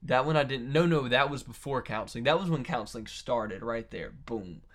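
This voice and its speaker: A man's voice: medium pitch, lively intonation, brisk, a loud crowd. A tired young man, a musician being interviewed, telling long rambling stories, swearing freely and laughing between lines. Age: young adult. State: tired from long hours awake. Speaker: musician guest. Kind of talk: casual interview chat.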